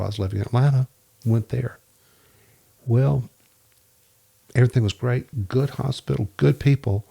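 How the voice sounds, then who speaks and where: A man's voice: mid-range voice, normal speed, creaky, pauses often, slightly rough. A man guest on a podcast, telling stories in a casual interview and acting out the voices of people he quotes. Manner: lively storyteller who acts out quoted dialogue.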